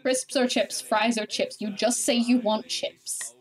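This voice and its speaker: An Australian woman streams a game, chatting casually and rambling animatedly as she plays. Her voice is fairly high with a steady tone and a measured pace.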